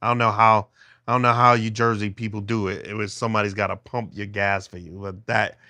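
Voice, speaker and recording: A man's voice: fairly low pitch, little pitch movement, fairly quick, bright, forceful tone, dry recording. A middle-aged man livestreaming from a phone held in his hand at home, chatting with viewers in a rambling way with many restarts. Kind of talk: casual livestream chat with viewers.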